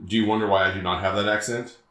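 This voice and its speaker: A man's voice: lowish voice, steady tone, racing, fairly bright tone, roomy sound. A man from the Southern United States, co-hosting a podcast in casual chat, rambling and trailing off into fillers. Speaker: podcast co-host.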